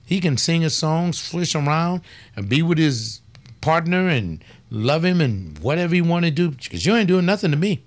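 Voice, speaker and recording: A man's voice: a little high, big pitch swings, normal speed. A man who is a pastor and talk show host, speaking in a blunt, folksy, emphatic way and drawing out stressed words. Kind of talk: casual preaching talk.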